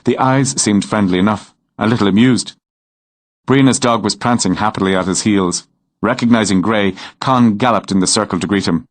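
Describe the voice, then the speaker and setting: A man narrating a romance novel in a measured, unhurried storytelling manner. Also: fairly low pitch, no echo. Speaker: audiobook narrator.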